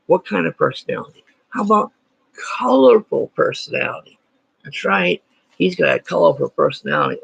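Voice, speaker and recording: A man's voice: high voice, creaky, husky, dry recording. A man teaching a playful lesson, full of jokey, self-deprecating asides. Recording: dry, dull lo-fi sound.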